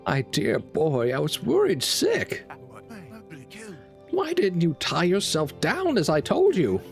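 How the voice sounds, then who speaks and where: A streamer voicing a worried, doting mother in a video game who gently scolds her son. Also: mid-range voice, huge pitch swings, slow, gravelly, faint music behind, pitched above the performer's own voice, exaggerated voice. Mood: fussing.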